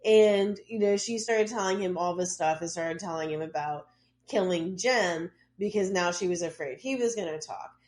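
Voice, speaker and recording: A woman's voice: on the low side, moderate pace, a little mellow. A woman co-hosting a podcast, casually retelling a case with loose asides and lots of "like.". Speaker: podcast co-host. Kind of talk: casual true-crime storytelling.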